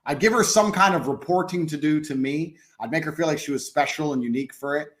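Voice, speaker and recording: A man as a podcast guest in casual conversation, blunt, profane and boastful, slowing down to stress points. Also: fairly high pitch.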